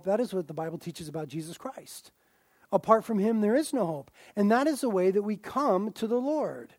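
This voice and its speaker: High-voiced animated young preacher man. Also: moderate pace, dry recording, studio quality. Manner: animated, jokey asides, rising to loud emphatic preaching. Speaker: pastor. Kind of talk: sermon.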